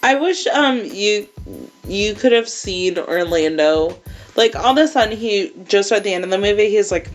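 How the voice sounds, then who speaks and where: A woman's voice: mid-range voice, lively intonation, normal speed, soft background music. A young woman co-hosting a podcast in casual chat, rambling with fillers and laughing often. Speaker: podcast co-host and author.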